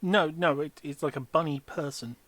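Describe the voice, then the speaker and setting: A man's voice: on the high side, moderate pace, a bit bright. A man acting as dungeon master, chatting casually and telling jokey, rambling stories between game turns. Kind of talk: casual chat while running a tabletop game.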